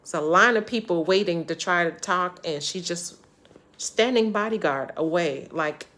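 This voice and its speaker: A woman vlogging as she retells her night out. She talks in a chatty, animated way, with a slightly low voice, and laughs often. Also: moderate pace. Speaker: travel vlogger. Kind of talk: casual storytelling vlog.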